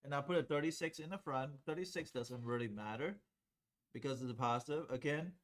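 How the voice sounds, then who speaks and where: A man with a mid-range voice moves at a fairly quick pace through a calculus lecture at the whiteboard. He explains each step in a conversational way, regularly checking that the class follows along.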